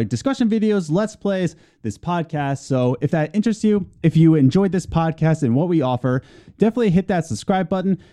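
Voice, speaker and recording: A man's voice: on the high side, dark tone. A man co-hosting a casual gaming podcast, reading plugs and news with playful, teasing asides. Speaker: podcast co-host.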